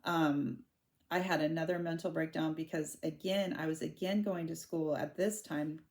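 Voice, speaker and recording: Low-voiced woman in her forties, candid. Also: fairly even intonation, a little mellow. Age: 40s. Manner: candid, halting, with many restarts and fillers. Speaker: vlogger sharing her own story. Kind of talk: personal storytelling to camera.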